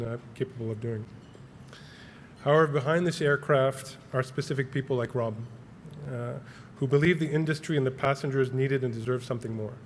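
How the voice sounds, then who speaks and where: A man reading a prepared award acceptance speech on behalf of a colleague, halting with many filler words. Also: medium pitch, slight background noise. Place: large banquet hall.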